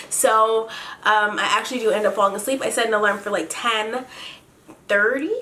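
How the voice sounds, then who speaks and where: A young woman from Canada, chatty and excitable, telling a story on her vlog. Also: on the high side, brisk. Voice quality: slight lisp from a retainer. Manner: chatty, excitable, heavy use of "like". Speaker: beauty vlogger.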